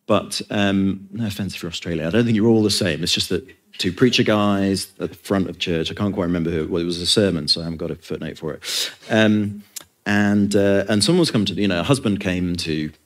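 Preacher, man, very low voice, earnest emphatic sermon delivery with casual asides. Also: a little fast.

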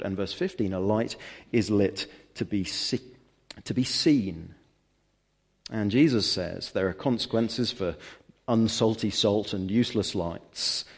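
A man preaching a sermon to his church, explaining scripture earnestly with rhetorical questions and emphatic repetition. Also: fairly low pitch.

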